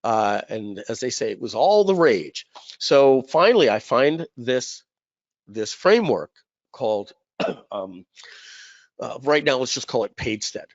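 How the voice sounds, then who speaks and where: A man's voice: medium pitch, big pitch swings, a little slow, no echo. Chatty man hosting a webinar, dry sound. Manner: chatty, rambling storyteller with frequent fillers and throat clearing. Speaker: webinar host. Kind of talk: live webinar storytelling. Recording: dull, dry webinar audio.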